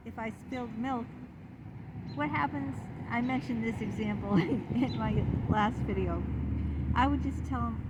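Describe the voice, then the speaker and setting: A middle-aged woman talking candidly to camera from a public spot outdoors, rambling with plenty of fillers. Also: fairly high pitch. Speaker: vlogger. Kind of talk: casual personal talk to camera. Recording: outdoor traffic noise.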